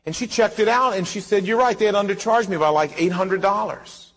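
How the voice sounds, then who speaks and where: Male pastor, high and husky, animated sermon, reverberant hall. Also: brisk. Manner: animated storytelling, acts out dialogue.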